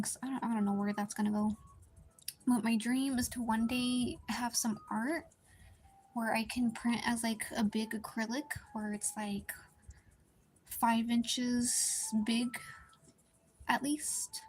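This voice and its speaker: Soft-spoken young woman streamer. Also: a little hiss or hum. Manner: speaks quietly at low volume, partly whispering; rambling, many likes and restarts. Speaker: art streamer. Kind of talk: casual live-stream chat while drawing.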